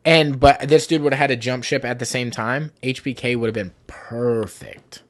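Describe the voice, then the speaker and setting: A man's voice: medium pitch, fairly even intonation, normal speed. A man hosting a podcast in casual chat, profane and opinionated. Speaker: podcast host.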